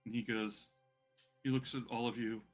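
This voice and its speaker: A man's voice: mid-range voice, level tone, moderate pace, soft background music. A man narrating as game master, rambling and hesitant, with frequent fillers.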